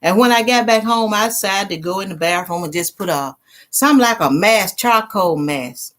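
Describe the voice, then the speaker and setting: The host is a middle-aged woman with a drawl whose medium-pitched voice sounds animated and a bit bright at normal speed. She chats casually with her livestream viewers, laughs easily, and reads their comments aloud.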